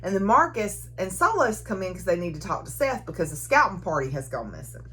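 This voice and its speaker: A woman casually recapping a novel, chatty and quick to laugh. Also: on the low side, sing-song, sharp tone, a little hiss or hum. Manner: chatty, giggly, frequent laughter. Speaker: book reviewer.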